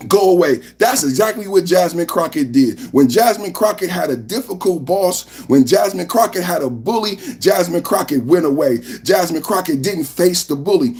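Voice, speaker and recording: A man hosts a live political reaction stream in a loud, fired-up, preachy way. His speaking voice sits high for a man. He hammers his points over and over. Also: animated, moderate pace, hardly any pauses. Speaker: podcast host.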